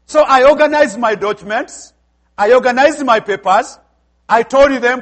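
High-voiced visiting pastor preaching emphatically. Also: male voice, moderate pace, a bit bright. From outside the United States. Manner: emphatic preaching, repeats phrases, acts out dialogue. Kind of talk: sermon.

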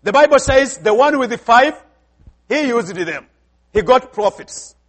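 A man with an African accent preaches in a very high voice. He delivers an emphatic sermon. He keeps putting questions to the congregation. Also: lively intonation, a little slow, a bit bright.

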